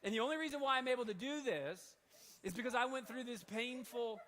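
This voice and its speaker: A man in his thirties preaching in a church hall, telling a story in an animated, conversational way. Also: extremely high pitch, a little fast. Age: 30s. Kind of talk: sermon storytelling. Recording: long hall reverb.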